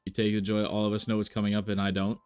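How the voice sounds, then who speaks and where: A man's voice: fairly low pitch, completely flat delivery, rapid-fire, darkish tone, clear, resonant tone, faint music behind. A man chatting casually on a live stream, thinking aloud with many fillers and restarts. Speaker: reaction streamer.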